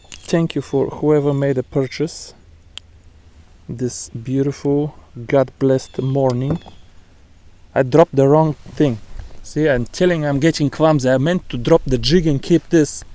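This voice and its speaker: A man's voice: on the high side, warm tone. A man chatting to his viewers in a rambling way while he fishes outdoors, talking to the fish and the birds as he goes. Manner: chatty, talks to viewers and animals. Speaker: fishing vlogger. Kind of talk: rambling outdoor fishing commentary. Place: outdoors on the water.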